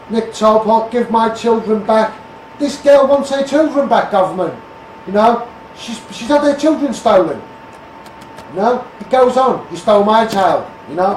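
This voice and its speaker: Scouse fella going off on a political rant, fairly high voice, kinda far from the mic, echoey. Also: male voice, a little hiss or hum. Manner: blunt, repetitive, calls people out by name and asks "mate". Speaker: street campaigner. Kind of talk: ranting political monologue. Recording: roomy sound from a distance.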